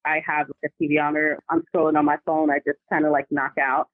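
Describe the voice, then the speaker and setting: Brief: animated woman caller telling a story down a thin, tinny phone line. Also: low voice, fast talker, dry recording. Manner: animated, vivid retelling. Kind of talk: casual storytelling. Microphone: phone call.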